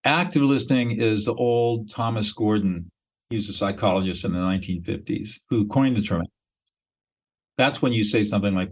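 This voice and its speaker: A man's voice: fairly low pitch, moderate pace, poor audio. A man, a mediator and podcast guest, explaining his method in a blunt, emphatic, instructional way.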